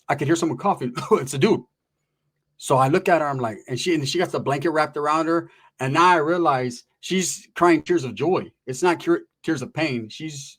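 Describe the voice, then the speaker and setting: A man from Northern California telling a wild personal story in casual street slang, swearing freely and acting out the voices of the people in it. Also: fairly high pitch. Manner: animated, profane street slang, acts out voices.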